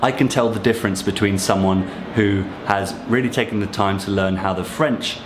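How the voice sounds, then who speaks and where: A man with a fairly low voice explains everyday French expressions, friendly and encouraging as he talks straight to his viewers. His voice bounces around an echoey room. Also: normal speed, noisy background. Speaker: French teacher. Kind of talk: casual explanatory teaching.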